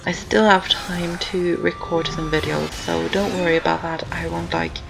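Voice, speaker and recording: Rambling young gamer with a gravelly voice. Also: medium pitch, steady tone, moderate pace, poor audio. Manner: rambling, chatty, repeats itself with many ums. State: out of breath, sore throat. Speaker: let's-play commentator. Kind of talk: casual gameplay commentary. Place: indoors at home, rain on the windows. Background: game music.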